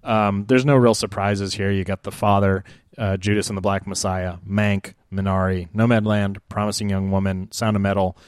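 A man's voice: fairly low pitch, little pitch movement, normal speed, smooth, no echo, clean studio sound. Easygoing male podcast co-host, chuckling. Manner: laughs often, easygoing. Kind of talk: casual chat.

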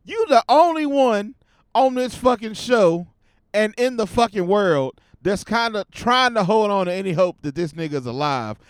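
A young adult man hosting a podcast alone, talking casually in a slangy, profane way and getting loud and fired up as he rants. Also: sits high, expressive, moderate pace, smooth, no echo. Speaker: podcast host. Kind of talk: casual solo podcast rant.

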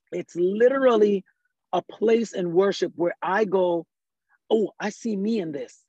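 A man who leads worship tells stories in a lively, fast way and often quotes himself in asides. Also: sits high, no room sound. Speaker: worship leader. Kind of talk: conversational storytelling. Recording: slightly dull, dry recording.

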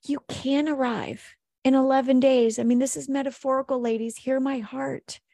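A woman's voice: high voice, steady tone, normal speed, gravelly, mellow, no echo, clean studio sound. A woman coaching on a faith-based weight loss podcast, speaking earnestly and emphatically, piling up repeated exhortations. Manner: earnest, emphatic, preachy repetition. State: emotional.

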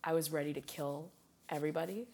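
A woman's voice: low voice, fairly quick. A woman from Chicago chatting casually, telling stories animatedly with frequent laughs and fillers. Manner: animated storyteller, laughs often, many fillers. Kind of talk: casual chat.

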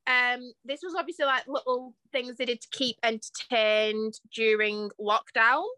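A young woman co-hosting a podcast in casual chat, laughing often and filling pauses with ums. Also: fairly high pitch, fairly even intonation, bright, forceful tone, smooth, no room sound. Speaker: podcast co-host.

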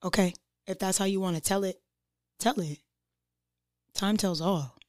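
A woman's voice: mid-range voice, measured pace, dry recording, clean studio sound. A young woman guest chatting on a podcast, blunt and passionate, dropping slang and curses. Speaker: guest artist. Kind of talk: casual podcast chat.

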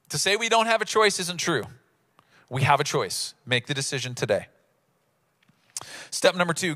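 A man preaching a sermon in a lively, casual way, acting out bits of the story in voices. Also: a little high. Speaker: pastor.

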